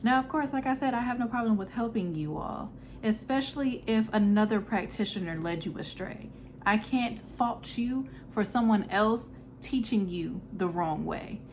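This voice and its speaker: A woman's voice: on the high side, expressive, normal speed, a little mellow, a little hiss or hum. Frank, scolding woman host. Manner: frank, lecturing, a bit scolding. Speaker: channel host and spell practitioner. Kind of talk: direct-to-camera commentary.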